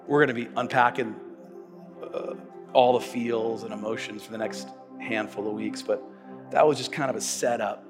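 A man preaching a sermon as pastor, telling stories with animation and swinging between loud, emphatic lines and hushed ones. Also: medium pitch, in a large hall. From United States. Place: church sanctuary.

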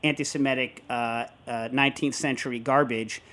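A man hosting a casual talk show, rambling and animated, often breaking into show tunes. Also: medium pitch, moderate pace. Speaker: host. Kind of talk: casual chat.

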